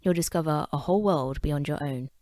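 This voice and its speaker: A woman's voice: deep voice, brisk, darkish tone, dry recording. A woman with an English accent talking to camera in a wry, chatty vlog with self-deprecating asides. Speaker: vlogger. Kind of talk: casual talking-head commentary.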